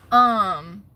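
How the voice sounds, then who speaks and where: A woman's voice: medium pitch, pushed and bright, slight background noise. A woman live-streaming from her parked truck on her phone. She chats casually with her viewers, laughs often and greets them by name.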